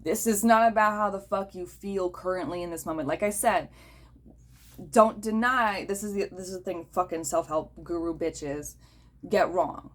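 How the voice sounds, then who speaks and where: Blunt, profane woman with a lowish voice. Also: moderate pace. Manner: blunt, profane, checks in with "okay?". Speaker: host. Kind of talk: casual talk.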